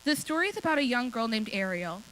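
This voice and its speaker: A woman reads a short story aloud for a talent show. Her telling is expressive and her pitch bounces around a lot. The voice sits a bit higher than most, with a faint hum behind it. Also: fast talker, poor audio.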